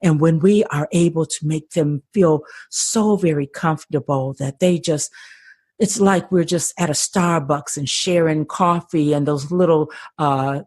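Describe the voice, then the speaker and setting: A woman's voice: low-pitched, measured pace, a little mellow, husky, no room sound, studio quality. An older woman talking earnestly and with passion as a podcast guest, often repeating words as she starts a thought. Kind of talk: conversational interview.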